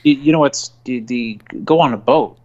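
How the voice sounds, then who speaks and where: A man co-hosting a casual podcast chat, talking in a rambling, halting way and often trailing off. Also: medium pitch, darkish tone, muffled recording. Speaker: podcast co-host.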